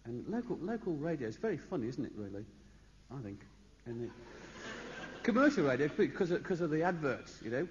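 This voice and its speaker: A man's voice: a little high, very animated, brisk, noisy background. A man, telling rambling stand-up anecdotes on a concert stage with chatty asides to the audience. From Birmingham, England. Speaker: stand-up comedian. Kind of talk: live stand-up storytelling. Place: stage in a large concert hall. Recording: echoey lo-fi live concert recording. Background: audience laughter.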